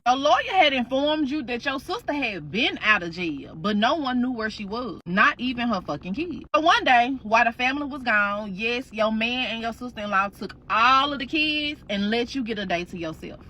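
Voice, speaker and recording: A woman spins a dramatic story with slang, swearing and lively energy. Her voice sits high and sounds sharp and bright. The delivery is loose and chatty. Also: slight background noise. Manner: slangy, animated, profane. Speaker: storytime host. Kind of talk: casual storytelling.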